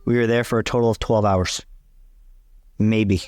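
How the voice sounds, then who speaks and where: A man in his thirties chatting casually with his wife, a wry, animated storyteller. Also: fairly low pitch, normal speed, no room sound. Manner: wry, animated storyteller, self-described non-Disney person. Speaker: co-host, husband. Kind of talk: casual chat.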